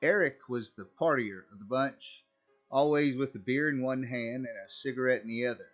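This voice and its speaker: A man's voice: mid-range voice, normal speed. Man narrating a horror story, wry. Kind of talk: first-person horror story reading. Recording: slightly dull recording, faint music.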